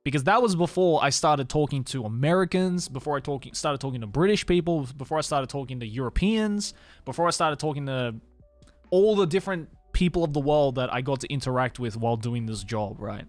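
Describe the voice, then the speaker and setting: Streaming from his home setup in Tokyo, a young guy with a slight Australian accent talks loosely with viewers, laughing often and cursing without hesitation. He has a mid-range voice and a fairly quick pace, with no room sound and soft music playing in the background.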